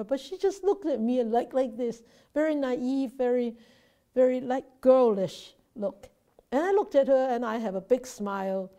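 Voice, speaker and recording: A woman with a warm, slightly high voice, she is a Buddhist nun holding an informal Dharma class via video call. She speaks conversationally, repeatedly restarting and repeating words while checking in with her listeners.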